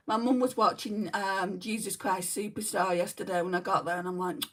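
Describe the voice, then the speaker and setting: A woman's voice: mid-range voice, steady tone, moderate pace, few pauses, recorded from a distance. A woman with a New Zealand accent hosting a casual makeup livestream, chatting and answering viewer comments as she does her makeup. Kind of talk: casual chat reading live comments.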